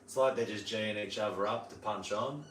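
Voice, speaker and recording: A man's voice: lowish voice, normal speed, a bit bright, slight background noise. Laid-back Australian man, roomy distant sound. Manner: laid-back, slangy, imitates bird calls. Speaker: livestream host. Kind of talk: casual livestream chat. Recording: roomy sound, mic at a distance, faint ambience.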